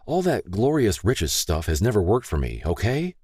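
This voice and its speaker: A man's voice: fairly low pitch, huge pitch swings, normal speed, darkish tone, husky, no echo, clean studio sound, pitched above the performer's own voice, full character voice. A man voicing a proud, grumbling working man. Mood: grumbling terse. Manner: grumbling, terse. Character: proud, embarrassed man down on his luck.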